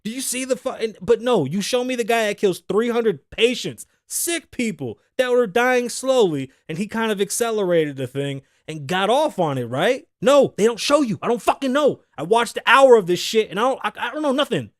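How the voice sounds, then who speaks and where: A man's voice: high-pitched, lively intonation, moderate pace, hardly any pauses, no echo, clean studio sound. A man in his thirties hosting a casual solo podcast, ranting and joking with a lot of profanity and frequent laughter. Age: 30s. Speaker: podcast host. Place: studio.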